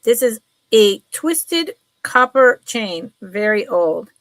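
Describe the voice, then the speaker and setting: A middle-aged woman chatting casually while selling jewelry on a live sale, telling stories in an animated way. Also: fairly high pitch, takes it slowly, no echo.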